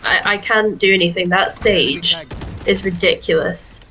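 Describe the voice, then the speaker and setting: A woman's voice: fairly low pitch, measured pace, bright, forceful tone, poor audio. A woman playing a team shooter game, trading dry, teasing remarks with teammates in voice chat. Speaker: game player.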